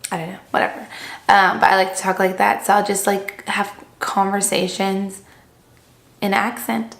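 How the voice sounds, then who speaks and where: A young woman vlogging to camera, chatting casually and rambling with lots of "like", seated indoors and recorded on the camera mic. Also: mid-range voice. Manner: chatty, rambling, heavy use of "like". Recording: echoey room.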